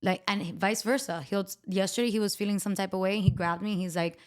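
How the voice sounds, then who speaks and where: A woman hosts the podcast in a relaxed, talkative way. Her voice sits at an ordinary middle pitch, and she tells personal stories candidly, mocking herself and acting out both sides of the dialogue. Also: fairly quick, clear, resonant tone. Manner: chatty, candid and self-mocking, quotes dialogue. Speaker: podcast host. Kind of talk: casual storytelling chat.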